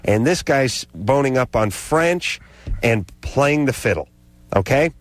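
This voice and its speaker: A man's voice: mid-range voice, takes it slowly, no echo. A man co-hosting a talk radio show, telling a comic story in a sarcastic, ranting way. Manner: sarcastic, ranting, animated delivery. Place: radio studio.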